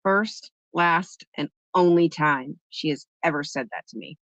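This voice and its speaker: A woman's voice: deep voice, measured pace, a bit bright, no room sound. A woman hosting a live stream, chatting with viewers and telling a story in a casual, talkative way. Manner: chatty storytelling, answering chat. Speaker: livestream host. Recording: dull lo-fi, dry sound.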